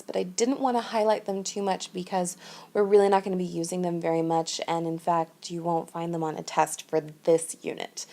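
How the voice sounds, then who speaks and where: A woman's voice: on the low side, creaky, a little mellow. A woman teaching a French lesson in a patient, step-by-step way, often checking in with "okay?". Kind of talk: recorded classroom lesson narration. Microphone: screen-recording voice-over.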